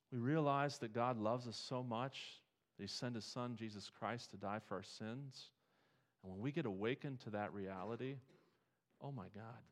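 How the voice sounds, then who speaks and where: A man preaching a sermon, telling stories and moving between quiet, reflective passages and loud, emphatic ones. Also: mid-range voice. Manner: storytelling, swings from quiet to emphatic.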